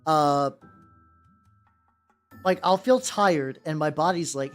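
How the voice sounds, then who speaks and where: A man's voice: on the high side, measured pace, long pauses. A man chatting casually on a live stream while painting miniatures, rambling, joking and swearing as he talks to viewers. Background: faint background music.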